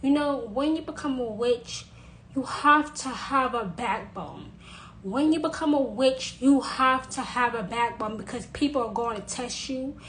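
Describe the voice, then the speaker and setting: Insistent high-voiced woman, repeating herself. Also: measured pace, fairly bright tone, a little hiss or hum, low-quality recording. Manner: insistent, repeating phrases for emphasis. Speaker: witch sharing advice. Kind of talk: emphatic monologue to camera.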